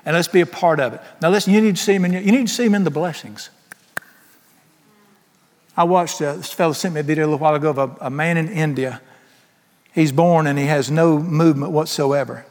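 A man's voice: on the high side, quick pace, darkish tone. A middle-aged man preaching a sermon, emphatic and folksy, with humorous asides. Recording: long hall reverb.

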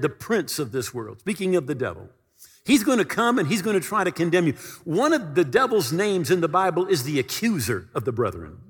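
A man's voice: sits high, sharp tone, big-room sound. A male pastor preaching a sermon with fervent, emphatic delivery and repeated phrases.

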